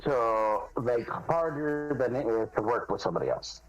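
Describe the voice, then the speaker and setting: A man in casual gaming voice chat, talking earnestly about working with people, with halting restarts. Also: mid-range voice, muffled recording. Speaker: foreman talking in game voice chat.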